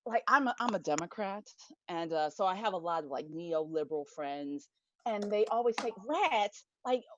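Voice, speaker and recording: A woman's voice: fairly low pitch, lively intonation, fairly quick, a bit bright, a little hiss or hum. A woman doing a stand-up set from a small bedroom corner over a video call, in a chatty, confiding way. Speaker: stand-up comedian. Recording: dull lo-fi dry audio.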